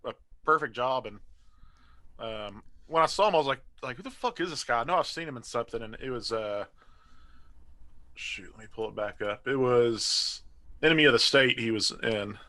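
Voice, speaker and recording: Bright, easygoing man on a podcast. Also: medium pitch. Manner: easygoing, quick to laugh, short remarks. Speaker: podcast co-host. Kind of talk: casual chat. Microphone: remote call.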